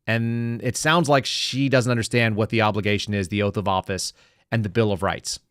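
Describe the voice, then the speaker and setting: A man's voice: lowish voice, steady tone, moderate pace, a bit bright, clear, resonant tone, no room sound, clean studio sound. A man from the United States hosting a political commentary podcast, sarcastic and talking to his live chat. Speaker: podcast host.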